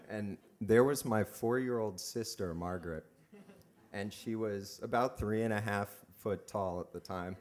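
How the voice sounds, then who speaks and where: A man telling a personal story live on stage, chatty and self-mocking, with many halting restarts. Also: on the low side. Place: stage in a club venue.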